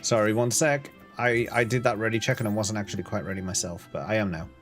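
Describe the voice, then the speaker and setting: A man's voice: lowish voice, steady tone, fast talker, a bit bright, faint music behind. A man streaming a video game, chatting casually, reading out and answering chat with playful asides. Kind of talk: casual live-stream chat while gaming.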